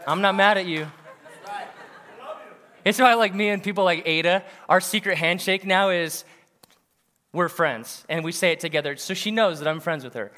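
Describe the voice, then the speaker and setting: A man in his thirties preaching a sermon, animated and punchy, with bursts of laughter. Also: sits high, moderate pace, long pauses. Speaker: pastor. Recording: long hall reverb.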